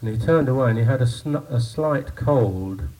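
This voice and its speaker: A man telling a comic story to a live audience in a slow, deliberate way with pauses. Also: medium pitch, expressive, warm tone, rough recording.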